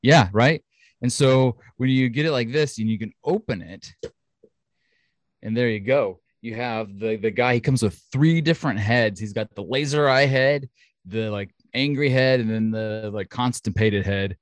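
A man co-hosting a podcast in casual chat, chatty, excitable and jokey. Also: mid-range voice, normal speed, no room sound, studio quality. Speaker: podcast co-host.

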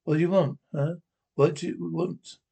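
A man voicing a brash male astronaut hero, reading his lines with wry exasperation in his own gravelly voice. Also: on the high side, fairly even intonation, normal speed, mellow. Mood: exasperated.

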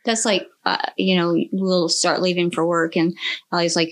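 A woman's voice: lowish voice, flat delivery, moderate pace. A middle-aged woman co-hosting a casual podcast chat, agreeable, chiming in with frequent affirmations and stumbling restarts. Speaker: podcast co-host.

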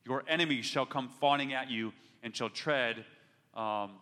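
A man's voice: mid-range voice, measured pace, pushed and bright, clean tone. A man preaching a sermon in an earnest way, pressing harder when he urges and often restarting his words. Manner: earnest preaching, rising in force when urging, with repeated restarts. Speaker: pastor. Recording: long hall reverb.

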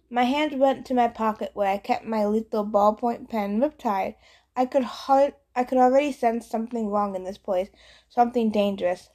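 A woman's voice: a little high, mellow. A woman narrating a novel in a casual first-person storytelling voice. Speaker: audiobook reader. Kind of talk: scripted narration.

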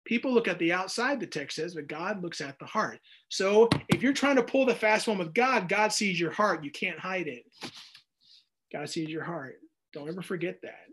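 A man teaching a Bible study in a casual, animated way, reading scripture aloud and breaking in with jokey asides. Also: high voice, moderate pace, slight background noise.

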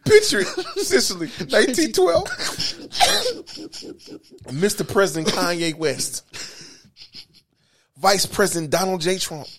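A man co-hosting a podcast, bantering loudly in casual comedic chat, laughing and sometimes singing lines. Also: a little high. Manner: loud, laughing, profane banter with singsong bits. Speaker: podcast co-host.

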